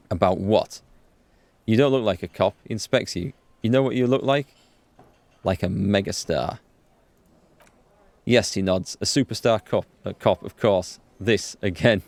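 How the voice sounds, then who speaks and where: A man hosting a let's play, reading the game's dialogue aloud with quick asides to viewers. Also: no echo. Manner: reads dialogue aloud with quick asides, jumps in pitch when excited. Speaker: gaming channel host.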